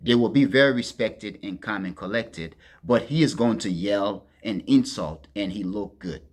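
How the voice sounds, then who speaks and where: A man hosting a political commentary monologue, talking to his listeners as friends in a deliberate, emphatic way and leaning hard on key words. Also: on the low side, a little hiss or hum. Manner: deliberate, addresses listeners as friends, stresses words with sharp swings in loudness.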